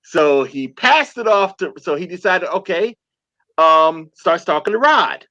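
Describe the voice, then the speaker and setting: Man, slow halting talk, high lively voice, bright, dry sound. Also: no echo, dull audio. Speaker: filmmaker guest. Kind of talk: casual chat.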